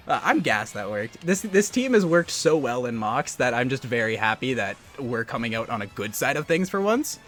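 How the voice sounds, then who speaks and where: A man's voice: mid-range voice, very animated, normal speed, few pauses, a bit bright, soft background music. A young man giving live commentary on his own competitive game match, trash-talking his opponent between bits of strategy. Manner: musing strategy talk under his breath.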